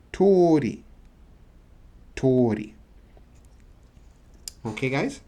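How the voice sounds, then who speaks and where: A man hosting a casual video lesson, slowly drawing out words as he demonstrates them. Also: medium pitch, mellow, husky. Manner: slow, drawn-out demonstration of words. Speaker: language teacher and channel host. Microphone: camera mic.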